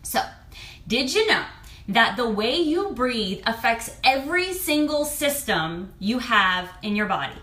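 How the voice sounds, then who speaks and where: A woman's voice: on the high side, big pitch swings, measured pace, pushed and bright, echoey room. A woman in her thirties, a fertility and lifestyle coach, talking candidly and expressively to camera and swearing now and then. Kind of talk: casual talk to camera.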